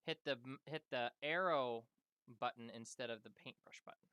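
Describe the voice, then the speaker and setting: A game master running a tabletop game over voice chat, giving quick instructions and laughing often. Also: medium pitch, sharp tone, clear, resonant tone, no room sound.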